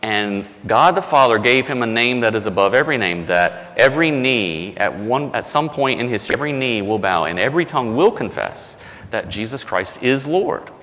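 A man's voice: mid-range voice, expressive, moderate pace, a bit bright, big-room sound. A male pastor delivering a sermon in a conversational, self-deprecating storytelling way, with frequent restarts.

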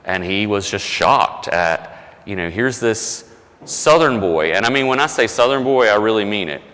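A man's voice: lowish voice, lively intonation, normal speed, a bit bright, big-room sound. A male pastor delivering a sermon in a conversational, self-deprecating storytelling way, with frequent restarts.

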